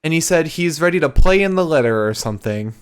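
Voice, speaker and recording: A man's voice: a little high, animated, fast, smooth. A man co-hosting a podcast, recapping events in a loose casual chat, rambling along with frequent ums. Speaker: podcast co-host.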